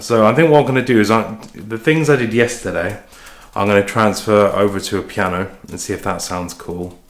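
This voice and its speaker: This man's low, creaky voice carries through an echoey kitchen with faint clatter as he cooks. A musician vlogging casually, he rambles about his day, swearing freely and poking fun at himself.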